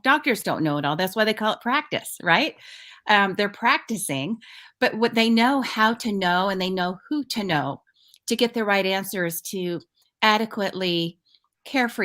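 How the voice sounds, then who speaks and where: A woman as a talk show guest, explaining in a relaxed conversational way with everyday examples. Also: mid-range voice, normal speed. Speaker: guest financial expert. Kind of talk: casual talk show chat.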